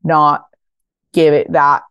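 A woman in her thirties, a fashion founder guesting on a podcast, telling stories casually and acting out quotes with bursts of high voices. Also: little pitch movement, takes it slowly, smooth, dry recording, lo-fi sound. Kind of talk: casual interview storytelling.

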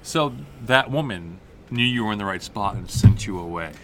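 A man's voice: lowish voice, lively intonation, normal speed, noisy background. A man co-hosting a podcast, cutting in with blunt, teasing remarks in casual chat. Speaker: podcast co-host.

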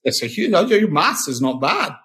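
A man's voice: on the high side, big pitch swings, normal speed, a bit bright. A man, a company founder, talking casually and enthusiastically as a podcast guest, often restarting and repeating words. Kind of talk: casual interview talk.

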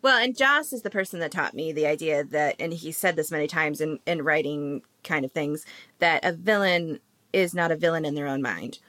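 A woman's voice: low-pitched, moderate pace, fairly bright tone, no echo. A woman hosting a casual podcast chat, chatty and laughing often. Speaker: podcast host.

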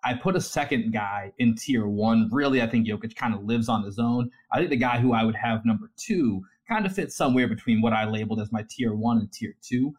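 A man co-hosting a casual sports podcast, explaining his points in a measured, think-aloud way. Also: mid-range voice, breathy edge. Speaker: podcast co-host.

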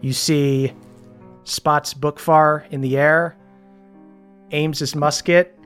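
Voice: medium pitch, steady tone, takes it slowly, smooth, soft background music. Laid-back game master narrating. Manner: laid-back, many ums and uhs.

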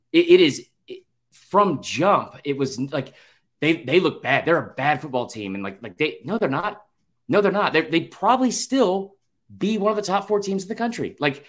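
A man's voice: mid-range voice, fairly bright tone. A young man co-hosting a casual sports podcast, talking in long rambling runs with frequent restarts, fillers and swearing. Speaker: podcast co-host.

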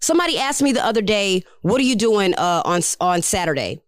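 A woman's voice: mid-range voice, lively intonation, a little fast, dry recording, clean studio sound. A woman co-hosting a podcast, telling stories in a candid, blunt, salty way. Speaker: podcast co-host. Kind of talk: casual chat.

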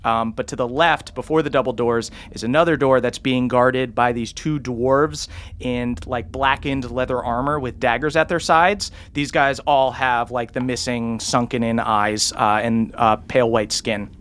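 Relaxed man narrating a game. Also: medium pitch, moderate pace, clean tone. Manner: relaxed descriptive narration with fillers. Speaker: game master.

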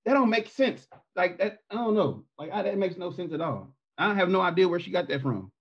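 A man's voice: high-pitched, expressive, fairly quick. A man guest on a podcast, telling a family story in a loose, rambling way full of fillers. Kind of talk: casual storytelling. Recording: muffled, husky-sounding audio.

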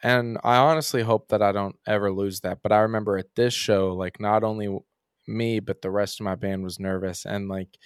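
On a podcast, a young musician from Kentucky tells loose, wandering stories, dropping "um" and "like" constantly. His delivery is brisk and flat, his voice lowish and smooth, captured on a dry close mic without echo.

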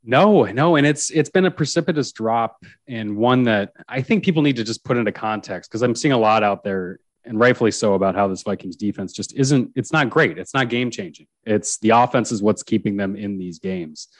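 A sports reporter talks football in a relaxed, chatty way, with a lower-pitched male voice. He often restarts his sentences and lets small chuckles slip in. The sound is dry and close, with no room around it. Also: normal speed, hardly any pauses, no room sound. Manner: conversational, frequent restarts and chuckles. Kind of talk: casual sports chat.

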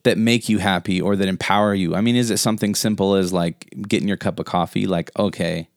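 A man hosting a podcast in a relaxed, chatty way, with easy laughter and lots of "like". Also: sits low, fast talker, no room sound, studio quality. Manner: relaxed, laughs easily, filler words. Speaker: podcast host. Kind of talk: casual podcast chat.

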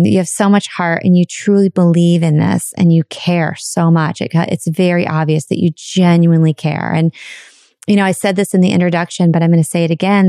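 A woman's voice: on the low side, gravelly, mellow, no echo, clean studio sound. A woman hosting a podcast interview, talking in an emotional, affirming way with many murmured agreements. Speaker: podcast host. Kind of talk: casual interview chat.

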